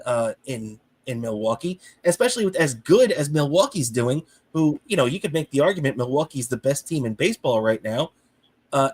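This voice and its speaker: A man co-hosting a sports podcast, ranting in heated, animated casual talk and swearing freely. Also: medium pitch. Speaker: podcast co-host.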